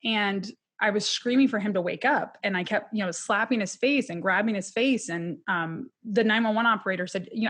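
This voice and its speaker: A woman's voice: mid-range voice, normal speed, hardly any pauses, a bit bright. A woman, a criminologist and podcast guest, telling a personal loss story in an earnest, candid and emotional way.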